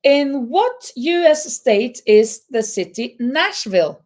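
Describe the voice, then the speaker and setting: A woman's voice: high-pitched, sing-song, slow, darkish tone. A woman hosting a live crochet chat, reading out quiz questions and answering viewers, laughing often. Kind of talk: casual live-stream chat.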